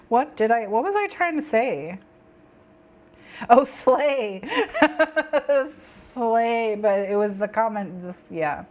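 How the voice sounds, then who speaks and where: A woman's voice: on the high side, sing-song, slow, long pauses. A woman hosting a co-working stream, chatting with viewers and her cat, giggling and repeating herself. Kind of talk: casual stream chat.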